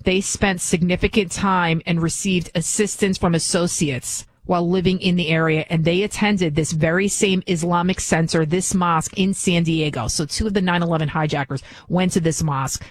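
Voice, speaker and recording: A woman's voice: on the low side, fairly even intonation, normal speed, few pauses, no room sound, poor audio. A woman hosting a political commentary show, delivering an opinionated monologue full of rhetorical questions and restarts.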